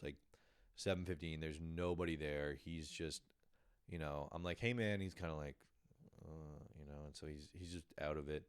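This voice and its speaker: A man's voice: a bass voice, clean tone, no room sound, clean studio sound. A young man hosting a podcast, telling a casual, profane story with frequent laughs and acted-out quotes. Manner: laid-back, profane, laughing often, acting out quotes. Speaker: podcast host.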